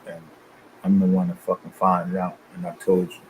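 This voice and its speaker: A man with a deep, low voice rants to his viewers in a loose, profane, confrontational way. A faint hiss of background noise sits under his talk. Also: monotone, moderate pace, darkish tone, low-quality recording. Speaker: channel host. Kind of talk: casual rant to viewers.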